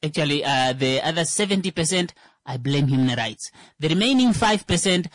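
A man giving a comedic monologue, halting with frequent "uh" fillers and sudden rises in pitch for emphasis. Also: expressive, a bit bright, no echo.

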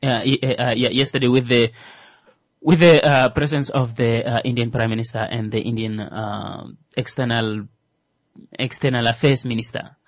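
A man's voice: medium pitch, fairly even intonation, normal speed, no room sound. A man in a casual discussion, talking hesitantly with many fillers and restarts.

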